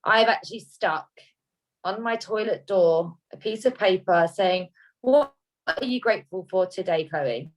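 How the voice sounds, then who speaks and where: A woman's voice: medium pitch, expressive, a little slow, rough recording. Heartfelt woman sharing her story. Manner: heartfelt, rambling, self-correcting. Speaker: guest sharing a personal story. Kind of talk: emotional personal sharing on a video call. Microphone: video call.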